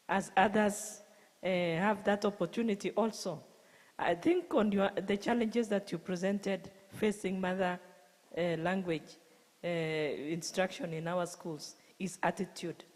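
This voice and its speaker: A Kenyan woman with a Kalenjin accent moderating a conference question session, halting with frequent restarts. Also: mid-range voice, fairly even intonation, a little mellow. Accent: Kenyan English, Kalenjin. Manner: halting, many restarts and fillers. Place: university conference hall. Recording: long reverb of a conference hall.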